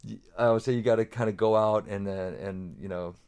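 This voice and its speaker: A man's voice: on the low side, steady tone, a little fast, gravelly, a little mellow, clean tone. A middle-aged man talking casually as a podcast guest, rambling with many restarts and fillers. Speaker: guest drummer.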